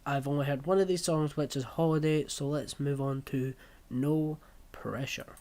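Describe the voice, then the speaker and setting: A man's voice: on the high side, fairly even intonation, moderate pace, a little mellow. A young man recording a casual music reaction vlog, giving blunt, offhand verdicts and scores on each song in short bursts.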